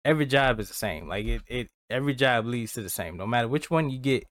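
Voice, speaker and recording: A man co-hosts a motivational podcast and talks loosely and earnestly in casual slang. His voice sits at an ordinary middle pitch. It is recorded dry, with no room echo. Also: expressive, quick pace, fairly bright tone. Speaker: podcast co-host.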